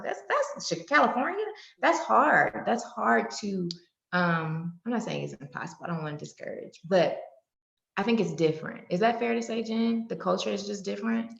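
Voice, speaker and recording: A woman with a gravelly voice hosts a candid interview over a video call. She is frank and playful and acts out callers in a quick back-and-forth, and the sound is dull and lo-fi with a roomy echo. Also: medium pitch. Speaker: podcast host, nonprofit founder. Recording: echoey room, dull lo-fi audio.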